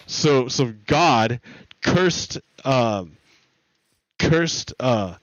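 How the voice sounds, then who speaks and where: Slow, rambling man streaming. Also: mid-range voice, expressive, a bit bright, dry recording, lo-fi sound. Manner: rambling, profane, self-correcting. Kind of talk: casual rambling storytelling.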